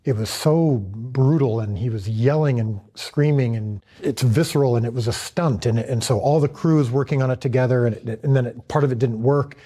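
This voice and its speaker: A man's voice: medium pitch, a little fast, few pauses, mellow. A man, the director of a series, telling a candid story in a panel conversation and acting out his own reactions.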